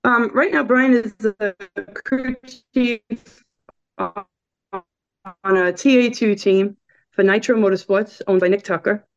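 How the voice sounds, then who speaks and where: A woman guest on a podcast, with a regional American accent and a medium-pitched voice, tells a story slowly with long pauses. Still chatty, she laughs and performs quotes in lively voices. Audio is dull and lo-fi.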